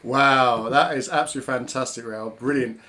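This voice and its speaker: A man's voice: mid-range voice, moderate pace, bright, forceful tone. A man hosting a live online drumming workshop from home on a webcam, chatty and cheerful, counting rhythms aloud. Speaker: workshop facilitator and host. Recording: drums heard behind.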